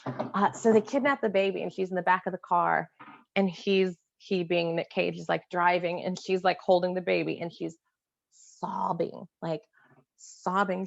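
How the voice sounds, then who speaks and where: A woman co-hosting a casual movie discussion, telling stories in an animated, laughing way. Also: fairly low pitch, moderate pace, gravelly, highs cut off. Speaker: co-host.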